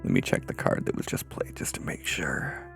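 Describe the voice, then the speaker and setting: A man running a tabletop game as game master, narrating in a halting way full of ums and uhs. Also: in a whisper, over music.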